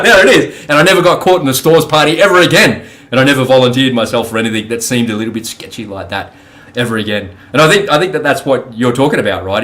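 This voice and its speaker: A man's voice: medium pitch, a bit bright. A middle-aged man, hosting a casual podcast talk and telling stories bluntly, with frequent swearing. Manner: blunt, profane storytelling. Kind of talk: casual conversation.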